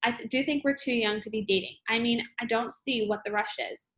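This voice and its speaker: A kind, brave schoolgirl in a storybook reading, earnest and plain-spoken. A woman voices her, her pitch lifted a little above the narration. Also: a little fast, fairly bright tone, close to an everyday voice.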